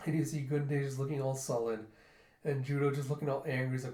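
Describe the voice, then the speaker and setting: A man's voice: medium pitch, fairly even intonation, quick pace, darkish tone, roomy sound. A man in a casual comic readthrough, retelling the story and acting out characters' lines. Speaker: book reviewer.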